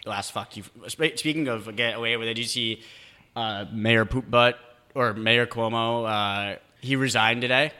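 A young man in his twenties co-hosting a podcast, joking in a quick, rambling way with many restarts. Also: medium pitch, pushed and bright, clear, resonant tone. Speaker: podcast co-host. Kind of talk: casual chat.

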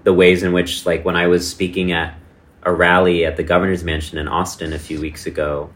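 A man with a very deep voice talks as a guest, lively and quick to laugh. He is from Texas and keeps the conversation casual. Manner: animated, laughs often. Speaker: guest performer.

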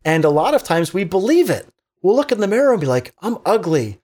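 A man with a somewhat high voice talks in a casual podcast chat. He preaches self-care with energy and acts out little quoted exchanges along the way. The sound is close and plain. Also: fast talker. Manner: animated, preachy motivational talk with acted-out quotes. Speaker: teacher.

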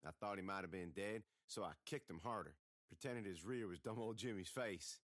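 A man's voice: lowish voice, brisk, fairly bright tone, no room sound, clean studio sound. A man reading a folksy first-person story aloud as an audiobook narrator.

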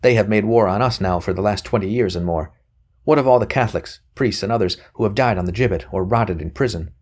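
A man reading aloud, voicing an excitable young male conspirator who snaps and sneers bitterly. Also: on the low side, quick pace, natural voice. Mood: scornful. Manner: snapping, bitter, boastful.

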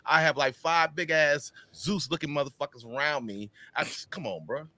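A man's voice: fairly high pitch, moderate pace, pushed and bright. A man in a casual podcast chat, speaking emphatically with slang and profanity. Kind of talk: casual banter among friends.

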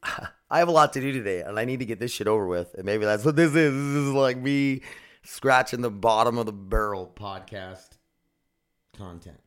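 Talking in a clean, fairly low-pitched voice, this podcast host runs a one-man show from a room at home. His talk wanders off track often, and he curses casually, annoyed at himself and quick to run himself down.

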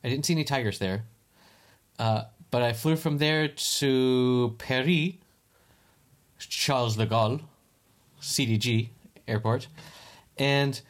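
A man co-hosting a podcast, telling a long rambling story in casual chat with halting restarts. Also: mid-range voice. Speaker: podcast co-host. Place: lives in Spain.

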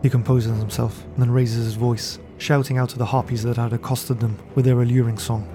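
A man narrating a fantasy tabletop game as game master and podcast host, telling the story in a measured way from a studio. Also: mid-range voice, flat delivery, music in the background. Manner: measured storytelling, then chatty sign-off.

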